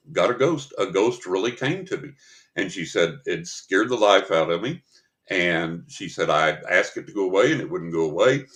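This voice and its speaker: A man's voice: sits low, fairly bright tone. A man hosting a paranormal talk show, telling a story in casual chat and acting out the voices of the people in it.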